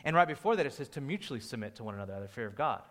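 A man's voice: medium pitch, big pitch swings, rapid-fire, fairly bright tone. A man preaching a sermon, conversational and joking with the congregation. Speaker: pastor. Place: church hall. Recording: long hall reverb.

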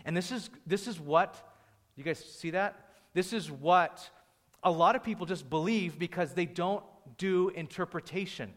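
A man's voice: sits high, measured pace, fairly bright tone. A man preaching a sermon, conversational and joking with the congregation. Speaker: pastor. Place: church hall. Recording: long hall reverb.

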